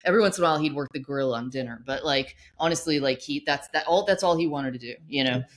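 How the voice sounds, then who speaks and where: A woman's voice: very deep voice, fast. Rambling woman podcast cohost. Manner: rambling, full of "like" and "you know". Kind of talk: casual storytelling chat.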